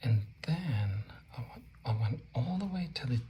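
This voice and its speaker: A man's voice: medium pitch, lively intonation, moderate pace, highs cut off, background noise. A man installing wallpaper and explaining it in a casual how-to tutorial, joking and playful, often dropping to a murmur while he works. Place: room being wallpapered, indoors.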